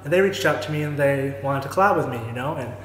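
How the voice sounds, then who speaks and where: A man's voice: fairly high pitch, quick pace, a bit bright. A young man hosting a casual mukbang vlog, talking chattily and filling his sentences with "like". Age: young adult. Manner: chatty, filler-heavy with lots of "like". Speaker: host, influencer. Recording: roomy echo with faint background noise.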